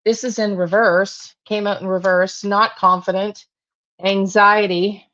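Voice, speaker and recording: A woman's voice: medium pitch, flat delivery, measured pace, fairly bright tone, muffled recording. Woman pulling tarot cards aloud. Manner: repeats questions to spirit, thinks aloud. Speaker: tarot reader and true crime channel host.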